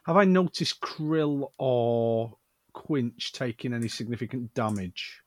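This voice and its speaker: A man's voice: mid-range voice, expressive, slow pace, no echo. A man playing a tabletop game, casually thinking aloud about his moves. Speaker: player.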